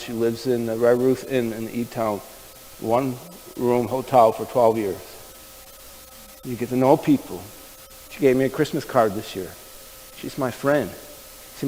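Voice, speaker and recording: A man's voice: medium pitch, a little mellow, a little hiss or hum. Guy pastor telling a sermon story, chatty and folksy, echoey church hall. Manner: folksy, conversational, addresses the men in the room.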